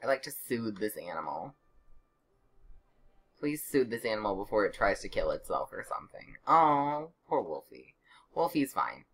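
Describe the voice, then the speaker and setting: Low-voiced sarcastic young woman gamer. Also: sing-song, normal speed, long pauses, breathy edge. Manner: chatty, sarcastic, exasperated outbursts. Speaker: let's play gamer. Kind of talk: casual gameplay commentary.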